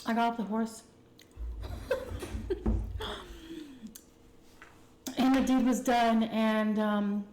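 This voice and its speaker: A woman with a Texan accent telling a candid, chatty personal story to her viewers, full of fillers and animated retellings. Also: on the high side, drawn-out words, long pauses, echoey room, a little hiss or hum. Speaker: food vlogger telling a story. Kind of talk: casual storytime chat.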